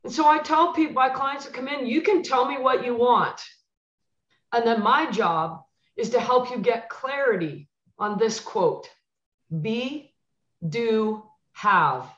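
A former basketball coach who now coaches clients tells animated stories in a podcast conversation, acting out dialogue with emphatic repetition. Her voice is fairly high and slow, and the recording sounds roomy and muffled.

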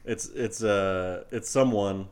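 A man's voice: fairly low pitch, slow, darkish tone. A man co-hosting a casual podcast, meandering and thinking aloud as he talks. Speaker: podcast co-host. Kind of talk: casual chat.

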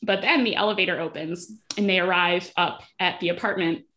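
A woman podcast host casually recapping a TV episode, telling it in a lively way with acted-out quotes. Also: on the low side, a little fast. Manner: animated storytelling, acts out quotes.

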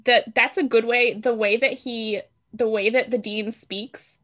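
A woman's voice: fairly high pitch, unhurried. Chatty woman recapping a show. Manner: chatty, relaxed retelling with filler words. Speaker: podcast co-host recapping a show. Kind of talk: casual chat.

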